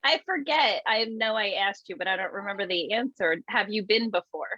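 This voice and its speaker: A woman's voice: medium pitch, brisk, pushed and bright, no echo, dull audio. A woman co-hosting a casual podcast chat, explaining things unhurriedly with fillers. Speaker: podcast co-host.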